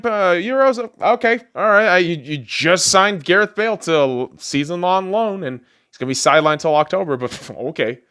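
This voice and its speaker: A man hosting a podcast, ranting casually and profanely about sports and laughing often as he swings between low mutters and high, excited outbursts. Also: clear, resonant tone. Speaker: podcast host.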